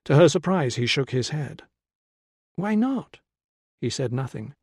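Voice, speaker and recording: A man narrating an audiobook in a measured, even storytelling manner. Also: mid-range voice, breathy edge, dry recording. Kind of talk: scripted narration. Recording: dry close studio sound.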